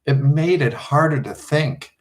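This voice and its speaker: A man reading a storybook aloud as narrator, in an expressive, measured way. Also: a little high, rough recording. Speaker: audiobook reader.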